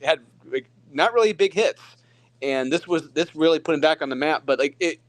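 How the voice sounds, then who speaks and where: A man co-hosting a casual podcast chat over his phone, talking haltingly with many restarts. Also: a little high, no echo. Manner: halting, full of false starts. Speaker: podcast co-host.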